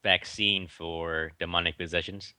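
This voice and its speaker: A young man chatting loosely on a podcast, rambling through movie trivia with plenty of "like" and "um." His voice sits a little low but sounds bright and forward. The recording is dry and close. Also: fairly even intonation, measured pace, smooth, no echo. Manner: rambling, retells movie trivia with many fillers. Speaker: podcast co-host. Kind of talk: casual chat.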